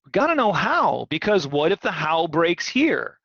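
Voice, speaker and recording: A man teaching physiology in a live online lecture, animated and questioning, repeating key words. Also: on the high side, moderate pace, creaky, no echo. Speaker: physiology instructor. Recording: dull, dry video-call audio.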